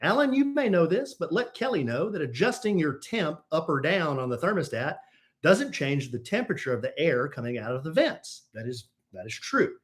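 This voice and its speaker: A man's voice: a little high, big pitch swings, normal speed. A man co-hosting a podcast in casual chat, playful as he reads listener letters aloud. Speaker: podcast co-host.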